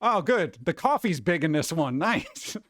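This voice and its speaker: A man's voice: on the high side, sing-song, unhurried, fairly bright tone, no room sound, studio quality. A man live-streaming, rambling and joking in casual chat as he reacts to viewers.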